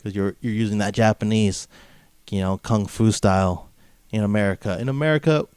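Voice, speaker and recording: A man's voice: on the low side, normal speed, darkish tone, clean tone, no echo. A man from Southern California hosting a comedic wrestling podcast, brash and mocking, padding his rants with filler phrases. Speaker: podcast host.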